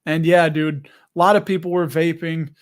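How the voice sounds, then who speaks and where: He's an American man hosting an investing live stream, his fairly high voice steady in tone and at normal speed. He chats loosely and reads viewers' comments aloud.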